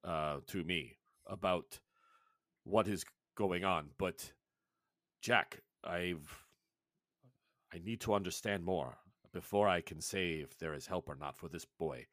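A man voicing an old, stubborn, learned village shaman who speaks in broken English, slow and grave. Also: fairly low pitch, expressive, fairly bright tone, dry recording, studio quality, exaggerated voice. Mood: solemn.

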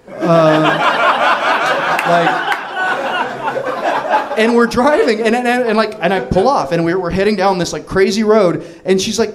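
Animated rambling man telling a story. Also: sits high, a little slow, pauses often, noisy background. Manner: rambling, animated, many restarts and fillers, laughing as he tells it. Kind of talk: comic personal storytelling.

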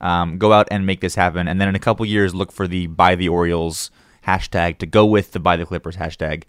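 A man's voice: sits low, fairly even intonation, a little fast, clean tone, no room sound, studio quality. A man co-hosting a comedy podcast, rambling through jokey stories with plenty of fillers. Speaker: podcast co-host.

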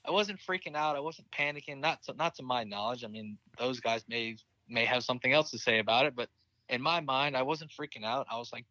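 Bright-toned young man telling a war story. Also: medium pitch, brisk, no room sound, dull audio. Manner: candid and plain-spoken, swears freely, laughs at grim moments. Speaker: interview guest, military veteran. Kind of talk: personal war story in casual conversation.

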